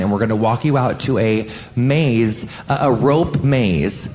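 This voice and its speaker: A man doing a stand-up comedy set on stage, animated and swearing often, jumping up in pitch on punchlines. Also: moderate pace, few pauses, slight background noise. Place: stage in front of a live audience.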